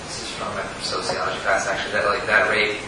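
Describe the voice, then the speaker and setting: A student in the audience tentatively asking a follow-up question. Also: male voice, on the low side, monotone, fast. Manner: tentative, hedging. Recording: echoey hall, far off, hiss.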